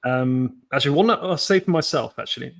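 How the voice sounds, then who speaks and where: A man hosting a podcast interview, speaking in a measured way as he agrees and asks questions. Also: mid-range voice, gravelly, fairly bright tone. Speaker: podcast host.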